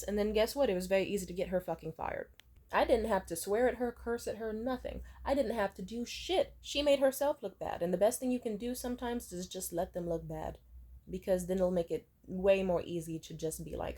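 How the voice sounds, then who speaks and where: Blunt, profane young woman telling stories. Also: a little fast. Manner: blunt, profane, lively swings in pitch and loudness. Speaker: vlogger. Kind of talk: casual storytime monologue.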